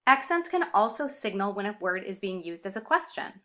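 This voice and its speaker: A woman explaining grammar in a clear, upbeat video lesson with Spanish example words. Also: medium pitch, very animated, fairly quick, pushed and bright. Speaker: Spanish teacher.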